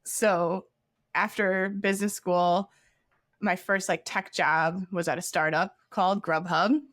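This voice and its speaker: A woman's voice: fairly low pitch, steady tone, takes it slowly, a bit bright, no echo. Middle-aged woman, candid interview guest, chatty storyteller, dry booth sound. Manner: chatty, frequent "like" fillers, laughs while recounting. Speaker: guest, former head of product.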